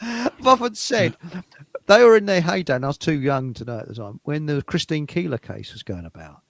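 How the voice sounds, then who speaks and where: Male host, gravelly, raised pitch, loose chatty delivery, dry close sound. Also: lively intonation, brisk, fairly bright tone, no echo. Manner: chatty, laughing, searching for names. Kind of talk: casual chat.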